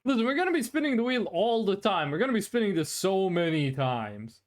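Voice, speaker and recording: During a live stream, a VTuber chats casually and playfully with viewers, laughing easily. The voice is medium in pitch but swings widely.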